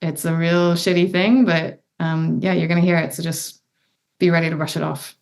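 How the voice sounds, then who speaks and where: A woman's voice: fairly low pitch, steady tone, moderate pace, creaky, a little mellow. A woman in her thirties, a podcast guest, talking with passion and emphasis and encouraging her listeners. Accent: non-American. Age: 30s. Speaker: guest adventure athlete. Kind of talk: candid interview conversation.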